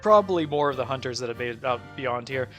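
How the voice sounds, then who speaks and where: A man's voice: medium pitch, expressive, fast talker, a bit bright, faint music behind. A man narrating as game master in a tabletop game, casual and rambling, with many fillers.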